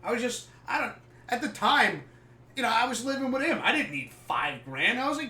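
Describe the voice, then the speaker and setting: A man hosting a live sports podcast, telling a story casually and animatedly, swearing freely and acting out scenes loudly. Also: very high voice, sing-song, fairly quick. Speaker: podcast host. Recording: echoey room, far from the mic.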